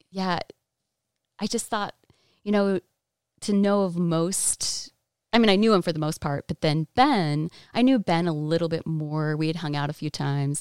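A woman working as an ASL interpreter, voicing a Deaf guest's answers in first person during a casual podcast interview, telling stories in a lively way. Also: low voice, clear, resonant tone, no echo, studio quality. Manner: lively storytelling with frequent laughs.

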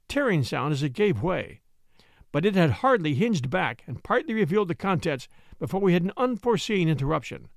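Male audiobook narrator, measured storytelling, gravelly, dry close recording. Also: sits high, no room sound. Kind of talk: scripted narration.

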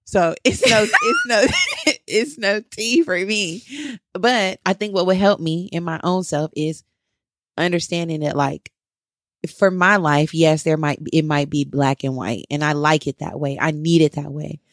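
Woman with a lowish voice, playful and slangy with quick jokes; dry, close sound. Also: animated, no echo. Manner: playful, slangy, joking asides. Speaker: podcast guest. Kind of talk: casual chat.

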